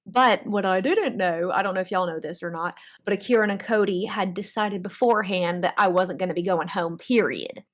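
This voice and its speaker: A young woman, a guest contestant, telling her story in casual interview chat, animated, with many restarts and laughs. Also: medium pitch, brisk, hardly any pauses.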